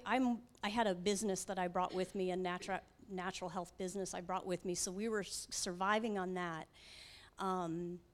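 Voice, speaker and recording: A woman sharing her personal testimony with a church audience in an animated storytelling manner, acting out her own prayers and other people's lines with candid, self-mocking asides. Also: medium pitch. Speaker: guest speaker giving her testimony.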